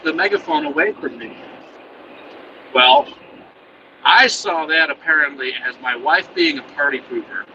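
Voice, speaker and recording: Man, casual swearing storyteller, a bit high-voiced, mic set back, road rumble behind. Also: highs cut off. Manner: profane, rambling, chuckling. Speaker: vlogger telling a story. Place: inside a truck cab. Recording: distant mic with loud vehicle noise.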